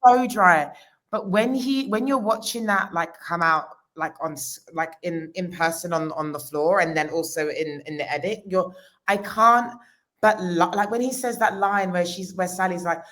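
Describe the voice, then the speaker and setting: Woman, low pitch, casual interview, chatty with restarts. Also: moderate pace, fairly bright tone. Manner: chatty, many restarts and fillers. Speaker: costume designer.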